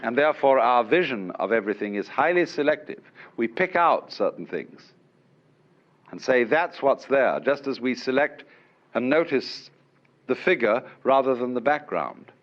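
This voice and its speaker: A man giving a public lecture in an unhurried, wry way, with chuckles, on an old lo-fi recording from a lecture hall. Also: mid-range voice. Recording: dull lo-fi archive lecture recording.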